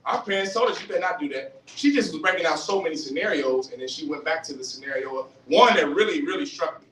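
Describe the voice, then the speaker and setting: A man giving a fiery street-style religious lecture, animated, questioning the audience and acting out voices. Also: on the high side, fast talker. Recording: roomy, distant mic, faint hiss.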